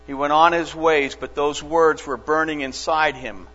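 Slow, earnest male pastor preaching. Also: fairly high pitch, steady tone, bright, forceful tone. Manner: slow, earnest storytelling with dramatic pauses. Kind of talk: sermon. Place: church sanctuary. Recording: dull lo-fi church recording with long reverb and mains hum.

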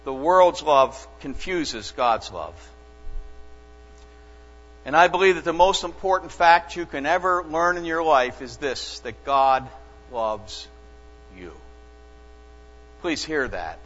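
A male pastor preaches in a slow, earnest voice, pitched a little high. He lets his stories unfold with long dramatic pauses. The recording is dull and lo-fi, with a long church reverb and a faint mains hum. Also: lively intonation, a bit bright. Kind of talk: sermon. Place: church sanctuary.

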